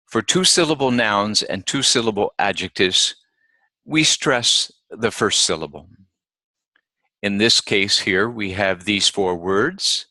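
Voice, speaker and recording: Man, pronunciation teacher, very slow, bright clear tone, dry close sound. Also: lowish voice, dry recording. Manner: deliberate, models words by repeating them slowly. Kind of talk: slow instructional lesson.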